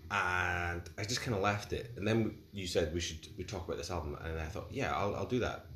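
A man in his forties co-hosts a laid-back music chat in a very low voice. He rambles, hesitates and restarts his sentences often. The recording sounds roomy, with a faint hiss underneath. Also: a little fast, fairly bright tone. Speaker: podcast co-host.

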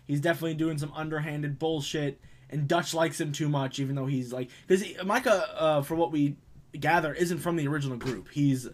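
Blunt, slightly high-voiced man hosting. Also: a little fast. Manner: blunt, swears freely. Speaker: podcast host. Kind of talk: casual chat about video games.

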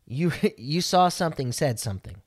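A podcast co-host with a fairly high-pitched voice talks at normal speed, telling a story in casual chat. He is an animated storyteller who acts out what people said.

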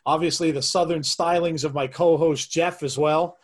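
A man with a mid-range voice hosts a podcast in relaxed conversation. He is easygoing and affirming and laughs often. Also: on the high side, normal speed. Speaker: podcast host. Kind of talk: casual podcast chat.

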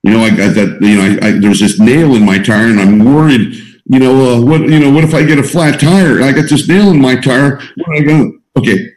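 A man leads a small group of students through a teaching talk, pressing hard on his main points and repeating them. His voice sits at an ordinary middle pitch. The room around him gives it a noticeable echo. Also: brisk, hardly any pauses, a little mellow. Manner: emphatic, repeats key points. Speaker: coach guiding a group of students. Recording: roomy echo.

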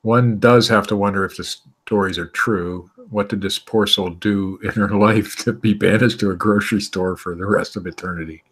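A man with a low voice reads strange news stories to his co-hosts. He halts and restarts often and keeps breaking into laughter as he reads. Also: fairly even intonation, a bit bright, husky. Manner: reads stories haltingly, laughing through them. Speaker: podcast co-host reading news stories. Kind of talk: casual chat reading news aloud.

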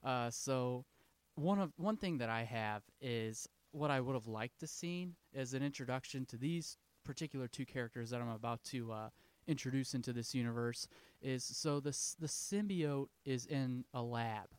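A man's voice: medium pitch, normal speed, clear, resonant tone, dry recording. A young man co-hosting a podcast, joking casually and laughing often as he acts out silly lines. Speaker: podcast co-host. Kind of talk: casual comedic chat.

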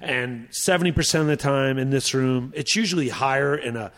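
A man who is a stand-up comedian, telling stories in casual chat, animated, profane and rambling. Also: medium pitch, fairly quick.

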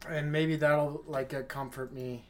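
Flustered swearing podcast host, breathless. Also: male voice, fairly high pitch, steady tone, unhurried, slight background noise. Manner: rambling, flustered, swearing a lot. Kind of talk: casual solo podcast chat. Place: small room with chairs, fan running.

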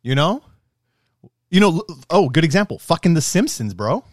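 A man in casual, profane podcast talk, ranting in an animated way and swearing often. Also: on the high side, normal speed, no room sound, studio quality. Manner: animated, swearing, rising to shouts when worked up. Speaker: podcast co-host.

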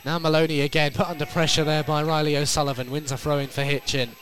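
Outdoors at a football match, a North East English man gives quick live commentary, his pitch and volume climbing at the big moments. His voice is a bit bright and moves little in pitch.

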